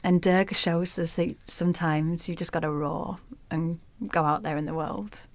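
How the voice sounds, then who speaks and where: Expressive woman telling a myth. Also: low-pitched, moderate pace. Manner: vivid, expressive storyteller. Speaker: guest. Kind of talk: storytelling in an interview.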